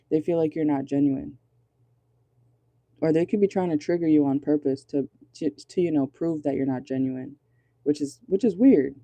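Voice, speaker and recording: Blunt, chatty tarot reader with a deep dark tone. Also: dry recording. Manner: chatty, blunt, swears freely; laughs often. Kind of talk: casual tarot reading. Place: inside a parked car.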